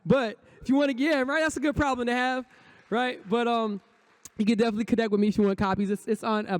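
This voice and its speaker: A high-pitched man speaks from a conference stage, a poet and rapper. He gives a motivational talk in rhythmic bursts. He leads the audience through repeated affirmations in call-and-response.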